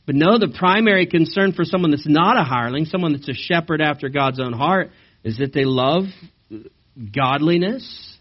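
A man preaching a sermon during a church service, animated and asking the congregation questions. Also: on the high side, moderate pace. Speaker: pastor. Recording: slightly dull recording.

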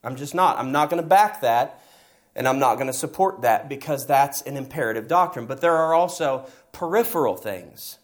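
A man's voice: mid-range voice, lively intonation, moderate pace. A middle-aged man preaching a sermon as pastor, telling stories and pressing his points with emphasis. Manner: storytelling, emphatic with rising passages.

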